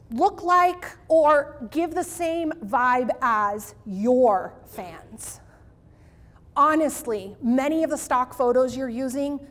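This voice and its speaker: Female keynote presenter, high and unhurried, animated and pleading, long hall reverb. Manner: animated, emphatic, pleading asides. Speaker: keynote speaker. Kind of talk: live marketing keynote talk.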